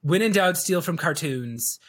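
A high-pitched man gives lively, casual interview talk. He rambles animatedly and leans on plenty of fillers. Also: unhurried. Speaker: guest, video coach.

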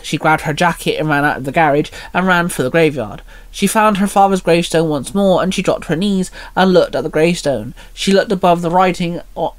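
A man reading a fan-written short story aloud in a plain, steady manner. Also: on the high side.

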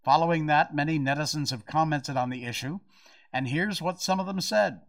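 Podcast host, American man, wry and animated, stretches words for effect, voice on the higher side. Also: a little fast. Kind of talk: casual podcast commentary. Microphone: podcast mic.

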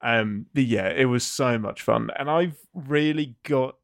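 A man's voice: mid-range voice, unhurried, gravelly, dry recording, clean studio sound. A young English man with an English accent, co-hosting a casual podcast chat, playful and laughing often. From England. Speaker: co-host, writer.

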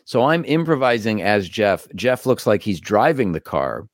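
Lively, low-voiced male storyteller. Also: normal speed, no echo, clean studio sound. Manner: animated, acts out quoted voices. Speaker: voice actor and comedian, guest. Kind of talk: storytelling interview.

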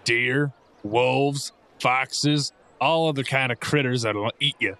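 A man playing a tabletop roleplay game in character, matter-of-fact and quick to correct the others. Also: medium pitch, sharp tone. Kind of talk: in-character improv in an actual play game.

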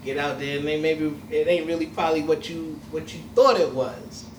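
A man's voice: fairly high pitch, normal speed. Profane, laughing man telling a story. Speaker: host. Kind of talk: casual storytelling chat. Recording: echoey room, mic far off, faint noise.

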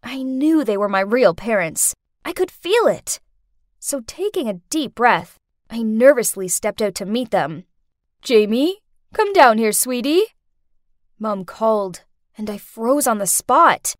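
A woman's voice: a little high, expressive, unhurried, no echo, studio quality. A woman narrating a first-person story as an exasperated teenage girl, with a dramatic delivery.

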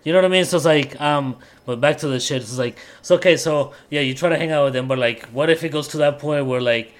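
Fast-talking Colombian-accented man, podcast co-host, rambling and profane, self-mocking humor. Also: a little high. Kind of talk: casual podcast chat.

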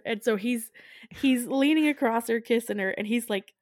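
A woman co-hosting a podcast, recapping a movie in casual chat and acting out the characters' lines in quick put-on voices. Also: fairly high pitch, no room sound, studio quality. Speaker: podcast co-host.

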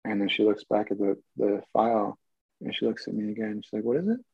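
A man with a gravelly, slightly husky voice tells stories in a loose, rambling way, often stopping to restart his sentences. He sounds amused by his own anecdotes. The recording is dry and a little dull. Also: fairly low pitch, completely flat delivery, brisk, no echo. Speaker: actor guest. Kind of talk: casual storytelling.

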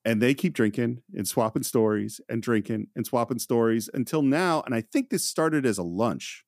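A man co-hosting a film podcast, telling behind-the-scenes stories in a casual, animated way and acting out quotes. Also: medium pitch, moderate pace, vocal fry, no room sound, clean studio sound. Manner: animated storyteller, acts out quotes. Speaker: podcast co-host.

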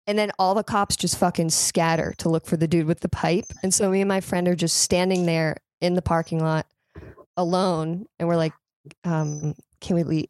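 A young woman, a podcast guest, telling a story in a lively, chatty way, swearing freely and saying "like" a lot. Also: fairly low pitch, normal speed, no room sound. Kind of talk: casual comedic storytelling.

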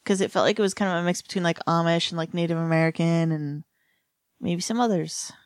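Lower-voiced woman podcaster, dry sound. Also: dry recording. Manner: laughs often, quick interjections. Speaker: podcast co-host. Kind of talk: casual chat about a TV episode.

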